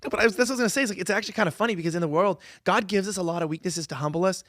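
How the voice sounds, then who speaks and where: A man's voice: high voice, racing, fairly bright tone, no echo, clean studio sound. A young man co-hosting a casual podcast, rambling with lots of restarts and fillers. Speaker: co-host.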